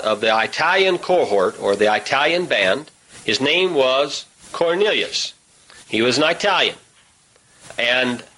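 A man teaching a Bible study in a bright, slightly husky voice that rises and falls a lot. He reads scripture passages aloud and keeps turning to his listeners with rhetorical questions, pressing on in a hurried way. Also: on the high side, rough recording. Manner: hurried, says he must talk rapidly.

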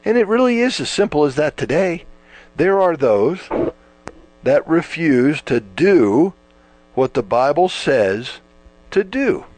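Preacher, male, animated pitch, stretches words for emphasis, mains hum in the background. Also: takes it slowly, no echo, faint music behind. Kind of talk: sermon.

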